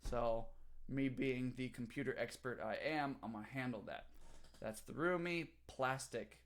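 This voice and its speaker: A man's voice: mid-range voice, normal speed. A young male teacher chats loosely with his students over a livestream from his home. He reads out their comments and keeps talking between bites of food, in an easygoing, unscripted way. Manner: chatty, reads chat aloud, talks while eating. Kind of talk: casual livestream chat.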